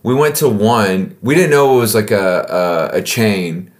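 A man's voice: fairly low pitch, animated, a little slow. A man from the United States co-hosting a casual podcast, telling stories in a rambling way with swearing. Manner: rambling, profane, storytelling. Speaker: podcast co-host. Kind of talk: casual chat.

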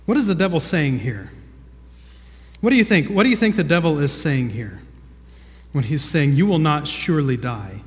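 A pastor preaches a sermon in the long reverb of a large hall, his fairly high voice very animated. He teaches earnestly at a moderate pace, pausing often, repeating words, and putting questions to the congregation.

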